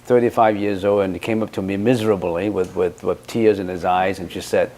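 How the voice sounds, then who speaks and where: A man's voice: sits low, fairly even intonation, a little fast, a little mellow. A man as a Buddhist teacher, giving an emphatic dharma talk that answers questions with rhetorical questions.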